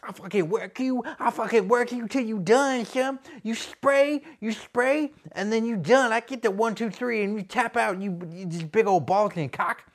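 A man's voice: high-pitched, normal speed, few pauses, pitched above the performer's own voice. A man voicing a crude, boastful male wrestler who poses as a gangster, talking with swaggering slang in a comedy sketch. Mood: trash-talking.

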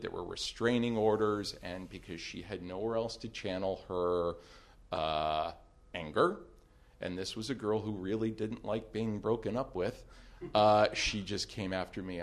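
A man telling a comic personal story with wry timing, dropping to a hush and then rising loud. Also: deep voice. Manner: animated, wry, swings from hushed to loud.

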